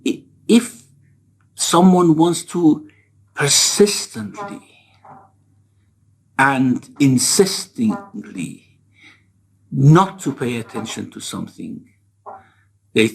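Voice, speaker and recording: A man lecturing on scripture in a measured, explanatory way, reciting verses quickly between his explanations. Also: mid-range voice, animated, gravelly, slightly rough. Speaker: Quran lecturer. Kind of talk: religious lecture.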